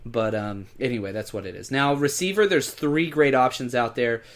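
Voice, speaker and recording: A podcast co-host with a medium-pitched voice speaks at a moderate pace. He chats casually about fantasy football picks, emphatically urging listeners to make moves and pick up players.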